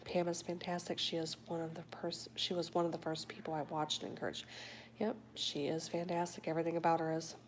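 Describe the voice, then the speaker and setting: A woman hosting a late-night livestream, reading viewer comments in a soft, often whispered, affectionate way; she sounds sleepy. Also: deep voice, little pitch movement, fairly quick, slight background noise. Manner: warm, affectionate toward viewers. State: sleepy but awake. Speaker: livestream host.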